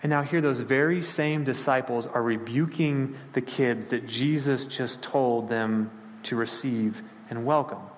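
A male pastor preaching a sermon, animated and storytelling, acting out the voices of the people he quotes. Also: measured pace, in a large hall, a little hiss or hum, rough recording. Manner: animated, acts out quoted voices with sudden pitch jumps.

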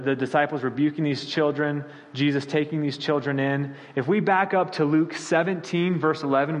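A male pastor preaching a sermon, animated and storytelling, acting out the voices of the people he quotes. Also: in a large hall, rough recording. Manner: animated, acts out quoted voices with sudden pitch jumps.

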